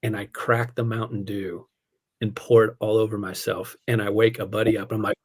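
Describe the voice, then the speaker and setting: A man, a pastor, telling a personal story in a casual podcast conversation, animated, laughing often and tossing in "man" and "dude". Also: lowish voice, normal speed, husky.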